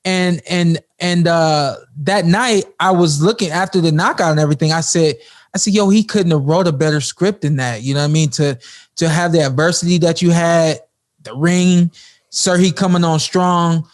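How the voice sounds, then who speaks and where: A man with a fairly high voice, hosting and asking long, winding questions. He backs the guest up with frequent short yeahs and builds to his point slowly. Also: fairly even intonation. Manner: long rambling questions with frequent back-channel "yeah". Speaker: podcast host. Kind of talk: interview questions.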